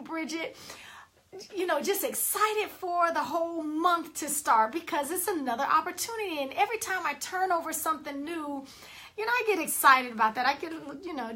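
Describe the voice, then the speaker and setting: A woman coach delivers a lively, emphatic motivational talk on a live stream, greeting viewers by name. Her voice is high.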